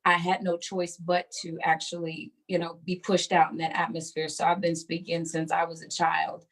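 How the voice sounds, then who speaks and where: Woman guest on a book talk show, kinda low voice, lively and rambly, laughs a lot. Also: normal speed. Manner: animated, laughs easily, many fillers. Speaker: guest author. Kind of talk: conversational interview.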